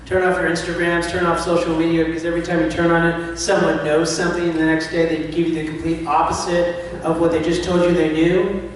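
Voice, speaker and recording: Man, high voice, spiritual speaker; impassioned sermon, distant mic in a big reverberant hall with faint hiss. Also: flat delivery, brisk. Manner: impassioned, acts out anxious inner voices. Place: large church hall.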